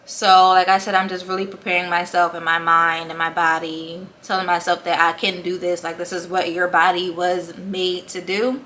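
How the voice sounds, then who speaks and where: A woman's voice: fairly low pitch, level tone, moderate pace, few pauses, bright, forceful tone, slight background noise. A young woman chatting casually in a vlog, short of breath and laughing often between thoughts. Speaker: vlogger. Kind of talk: casual pregnancy update vlog.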